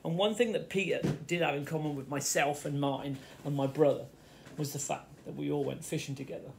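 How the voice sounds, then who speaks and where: A man's voice: a little high, fairly even intonation, fairly quick, creaky. A middle-aged man from the Fens, telling a rambling childhood story in his kitchen. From the Fens, England. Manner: rambling, self-interrupting storyteller. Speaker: vlogger. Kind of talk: casual storytelling vlog. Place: home kitchen. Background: faint radio music.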